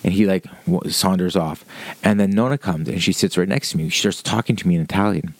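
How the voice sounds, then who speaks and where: A man's voice: sits low, fairly quick. A man casually telling a rambling story, swearing freely, with lots of "like" and "um" along the way. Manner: rambling, profane, with frequent fillers.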